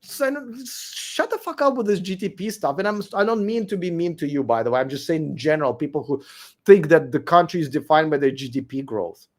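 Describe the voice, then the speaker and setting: Late at night on a livestream, a host answers viewer comments in a fairly quick, highish voice that's weak because he's losing it. He's blunt and profane, repeating himself as he argues.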